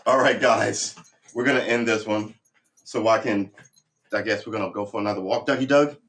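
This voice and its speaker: A relaxed man with a fairly low voice hosts a casual home livestream. His talk is loose and chatty, and now and then he slips into a coaxing sing-song when he speaks to his dog. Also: moderate pace. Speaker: livestream host. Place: home room.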